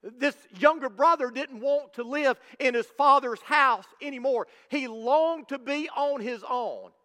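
A man preaching a sermon as a pastor, emphatic and rising to shouts at the high points. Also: measured pace. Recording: long hall reverb.

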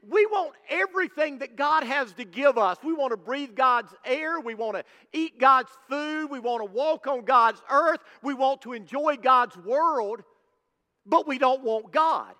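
A man preaching a sermon as a pastor, emphatic and rising to shouts at the high points. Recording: long hall reverb.

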